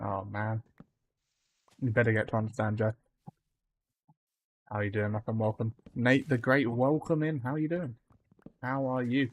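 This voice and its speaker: A man's voice: mid-range voice, level tone, measured pace, pauses often. A man streaming a game live, chatting casually with his viewers and greeting them by name, with plenty of ums. He says his accent can be hard to follow.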